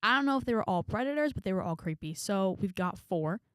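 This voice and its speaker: A woman's voice: medium pitch, animated, fast talker, no echo, clean studio sound. A young woman vlogger telling a story in a frank, chatty way, with sighs and trailing asides. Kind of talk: casual storytelling to camera.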